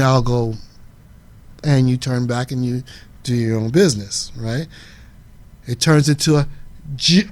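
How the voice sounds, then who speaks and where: A man hosting a psychic talk show, explaining ideas through lively acted-out stories and sometimes shouting names. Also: fairly high pitch, moderate pace, no room sound. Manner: animated storyteller, shouts names and acts out voices. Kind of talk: explaining a lesson with acted-out examples.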